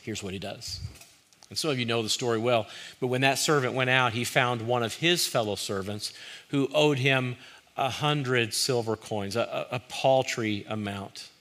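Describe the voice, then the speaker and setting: A man preaching a sermon, earnest and direct, who rises to forceful emphasis and drops to a hushed, pleading tone. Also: mid-range voice, normal speed. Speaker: pastor.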